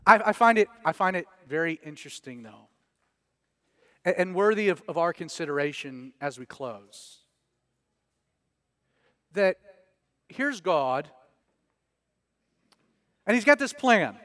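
A man's voice: fairly high pitch, expressive, slow pace, pauses often, bright, forceful tone, no room sound. A man preaching a casual verse-by-verse sermon as pastor, conversational and joking with slang asides.

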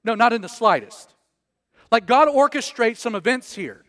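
A man's voice: extremely high pitch, animated, normal speed, fairly bright tone, no room sound. A man preaching a casual verse-by-verse sermon as pastor, conversational and joking with slang asides.

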